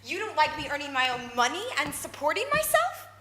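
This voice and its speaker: An actress playing a manic, defiant woman arguing with her husband, excitable with brittle laughter. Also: sits high, brisk. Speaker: drama student in a showcase scene. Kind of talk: dramatic two-hander scene. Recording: echoey room with hiss.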